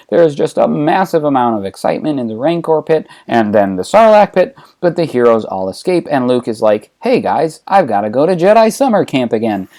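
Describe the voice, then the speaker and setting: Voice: mid-range voice, a little mellow. A channel host narrating a comedic story retelling in a casual, wry way.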